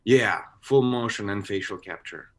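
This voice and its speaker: A man's voice: lowish voice, normal speed. A man chatting as an actor guest on a video-call interview, rambling with many restarts. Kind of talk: casual interview chat.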